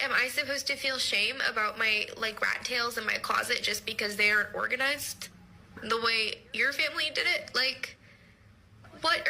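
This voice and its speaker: A young woman telling a rambling, deadpan comic story from her own life. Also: high voice, a little hiss or hum, rough recording. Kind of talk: storytime vlog.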